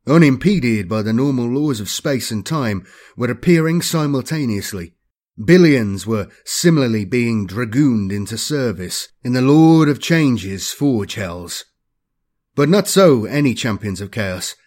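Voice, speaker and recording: A man giving a measured, dramatic scripted audiobook narration. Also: medium pitch, darkish tone.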